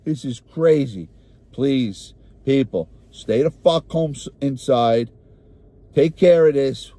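A man's voice: medium pitch, takes it slowly, mellow, no room sound. A man with a New York accent doing a comic, profane rant to camera, sounding exasperated.

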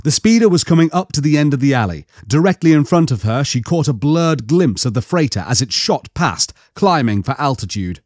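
A man narrating an audiobook in a steady, even storytelling manner. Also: a little high, fairly quick, few pauses, dry recording, clean studio sound.

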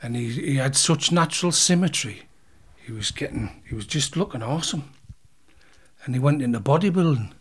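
A man's voice: mid-range voice, lively intonation, normal speed, husky. A man, telling a story as an interview guest in blunt, casual talk, swearing freely and acting out the punches. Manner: blunt, swears freely, acts out fight scenes.

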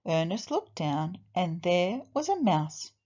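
A woman teacher reading a children's storybook aloud in an expressive, deliberate way. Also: lowish voice, highs cut off.

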